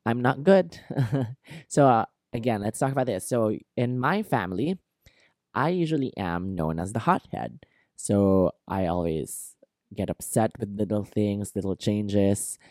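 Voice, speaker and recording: A man with a lowish, warm, relaxed voice talks on his podcast in an open, rambling monologue. He circles back on himself, leaning on "like" and "you know". The sound is dry and close, with no room around it. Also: unhurried, dry recording. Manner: rambling and candid, many fillers like "like" and "you know". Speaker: podcast host. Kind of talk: casual self-help monologue.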